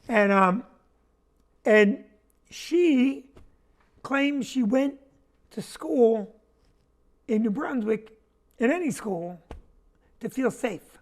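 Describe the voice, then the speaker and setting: A man hosting a comedy talk show, ranting with animated indignation and quick asides. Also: extremely high pitch. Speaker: comedian host.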